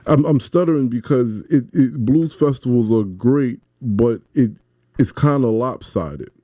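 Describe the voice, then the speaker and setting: A man's voice: mid-range voice, unhurried, warm tone. A man hosting a radio interview, eager and stammering, laughing easily. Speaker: radio host.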